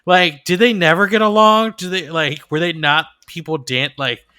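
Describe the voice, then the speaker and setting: A man's voice: fairly high pitch, steady tone, moderate pace, sharp tone, clean tone. A man co-hosting a podcast, chatting casually and musing hesitantly with many "I don't know"s and "like"s. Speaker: podcast co-host. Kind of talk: casual chat.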